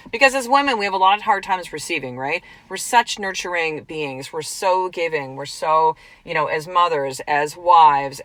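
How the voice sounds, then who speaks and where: A middle-aged woman giving an earnest, chatty motivational talk as a podcast host and coach, slowly repeating affirmations. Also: lowish voice, a bit bright, no echo, poor audio.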